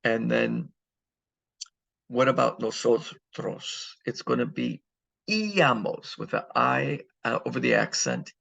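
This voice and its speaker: A man's voice: mid-range voice, slow pace, gravelly, a bit bright, dry recording, highs cut off. A man teaching a recorded grammar lesson, explaining step by step and answering his own questions. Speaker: Spanish teacher.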